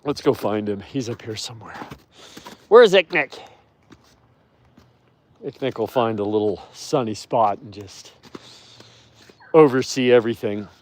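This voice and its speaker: A man's voice: fairly low pitch, moderate pace, a little mellow. A man who cares for wolves at a sanctuary, chatting casually and affectionately while walking among them outdoors and answering viewer questions. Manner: affectionate, cooing at the animals. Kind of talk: casual live walk-and-talk. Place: outdoors in a wolf enclosure.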